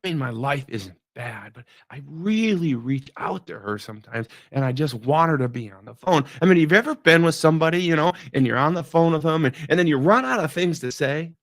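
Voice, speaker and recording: A middle-aged man speaks in a reflective devotional talk, his voice gravelly with a gritty fry. The sound is close and dry with no room around it. He muses conversationally and lets his sentences fade low and soft. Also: expressive, brisk, hardly any pauses, no room sound. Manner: musing, conversational, trails off quietly.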